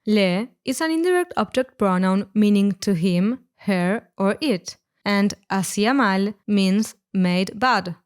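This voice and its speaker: A woman narrating a scripted language lesson, explaining words clearly and slowing down on each example. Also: medium pitch, animated. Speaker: Spanish teacher.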